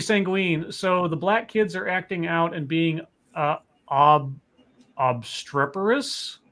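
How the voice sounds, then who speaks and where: A man's voice: a little high, fairly bright tone. A man hosting a podcast, talking casually and musing aloud with questions and restarts. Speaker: podcast host. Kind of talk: casual chat.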